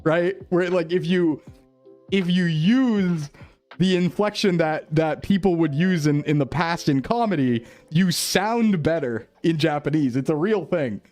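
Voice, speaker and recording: A man's voice: a little high, unhurried, darkish tone, faint music behind. A man streaming, chatting casually with his viewers and laughing often. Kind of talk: casual chat reading chat.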